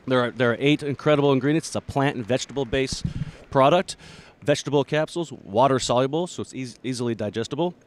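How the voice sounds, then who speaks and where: A man who founded a company, pitching its product in an interview with earnest, halting speech full of restarts. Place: busy expo floor.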